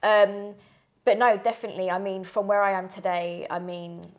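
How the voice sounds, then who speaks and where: A woman's voice: medium pitch, level tone, moderate pace, a little mellow. A woman with a London accent co-hosting a podcast, chatty and reflective in talk. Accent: London English. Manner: chatty, reflective, says "literally" often. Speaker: podcast co-host, aesthetics trainer. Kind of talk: casual chat.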